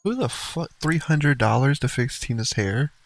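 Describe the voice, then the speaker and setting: A man's voice: medium pitch, normal speed, no echo, faint music behind, rough recording. A man streamer giving casual, blunt and profane commentary to his chat as he reacts to a livestream. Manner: blunt, profane, rambling asides.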